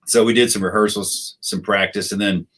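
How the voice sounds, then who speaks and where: A middle-aged American man, a retired soldier and podcast guest, telling war stories in a relaxed, anecdotal way. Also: fairly low pitch, normal speed, slightly rough. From United States. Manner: laid-back, anecdotal, acts out quoted voices. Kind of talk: casual storytelling interview.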